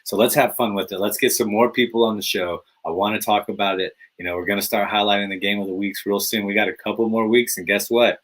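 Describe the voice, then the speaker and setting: A man with a slightly low voice hosts his own live podcast in a loose, pumped-up monologue. He keeps circling back with fillers like "man" and "baby", talking straight into a home mic. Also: fast talker, hardly any pauses, poor audio. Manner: energetic, hype, repetitive "man" and "baby" fillers. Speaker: podcast host. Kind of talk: casual fantasy football podcast monologue.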